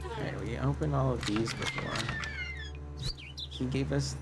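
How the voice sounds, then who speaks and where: Unhurried male streamer, rambling and chatty, over background guitar music. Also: mid-range voice, fairly even intonation. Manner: rambling, thinking aloud, self-repeating. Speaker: livestreamer. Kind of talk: casual game streaming, reading chat aloud. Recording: guitar music playing under voice.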